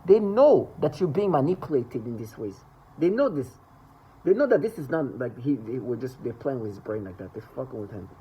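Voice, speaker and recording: A man's voice: medium pitch, very animated, fairly quick, husky, dull audio. A man talking to the camera in an agitated personal monologue, rambling with restarts and repetitions. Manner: rambling, restarts and repeats, mimics others' laughter. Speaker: vlogger.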